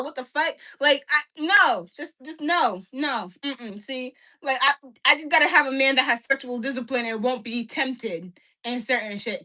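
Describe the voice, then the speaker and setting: A woman's voice: sits high, sharp tone. Blunt, profane woman ranting on a livestream. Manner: repeats herself, many "like" fillers. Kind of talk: livestream rant to chat.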